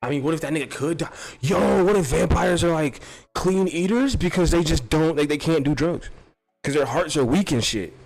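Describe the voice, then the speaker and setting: A man hosting his own show, rambling while high, repeating and tripping over his words and swearing often. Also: normal speed, gravelly, a little mellow, faint music behind. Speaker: podcast host. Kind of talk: rambling stoned brainstorm.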